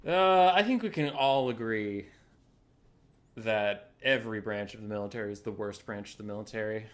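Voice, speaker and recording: Young male co-caster, low-ish voice, jokey and loose, laughs a lot. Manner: joking, laughs often, quick asides. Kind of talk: casual chat while casting a game tourney.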